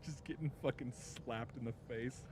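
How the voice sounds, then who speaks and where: A man's voice: mid-range voice, normal speed, darkish tone, slight background noise. A man streaming and telling a rambling dog story, laughing often and swearing freely. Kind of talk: casual chat.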